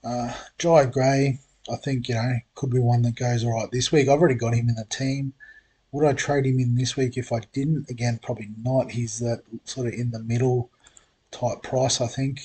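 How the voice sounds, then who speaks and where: Male host, husky mid voice, easygoing and unpolished, hiccuping. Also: medium pitch, moderate pace. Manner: relaxed, thinks aloud with many ums and uhs. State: has the hiccups. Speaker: fantasy sports channel host. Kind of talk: casual solo preview talk.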